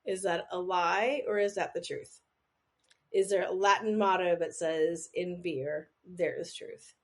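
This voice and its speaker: A woman's voice: lowish voice, steady tone, a little slow. A woman co-hosting a podcast, running a quiz in a rambling, self-deprecating way with jokey asides, sometimes leaning back from the microphone. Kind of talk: casual podcast chat.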